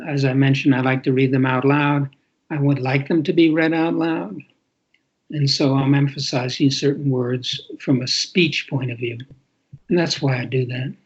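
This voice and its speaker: A man's voice: mid-range voice, breathy edge. An older man, an author and interview guest, talking casually and expressively, stressing words as if reading aloud, over muffled lo-fi audio.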